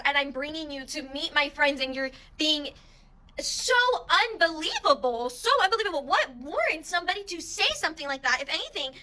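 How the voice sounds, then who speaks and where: A young woman with a high, bright, sharp-edged voice tells a wild personal story in a casual storytime monologue. She is animated and exasperated, and she swears freely as she talks. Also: poor audio. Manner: animated, profane, exasperated retelling.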